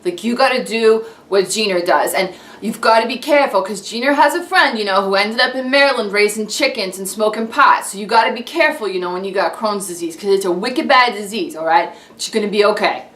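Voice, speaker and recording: A woman's voice: medium pitch, fast talker, few pauses, bright, forceful tone, natural voice. Woman doing a brash Boston guy, echoey room. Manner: brash slang-heavy talk. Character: tough-talking Boston man giving advice.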